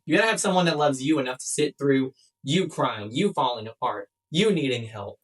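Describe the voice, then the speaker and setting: This young woman has a very deep, husky voice with lively intonation and a brisk pace. She vlogs life tips straight to camera, casual, blunt, playful, and full of swearing. Background music plays and the mic is distant.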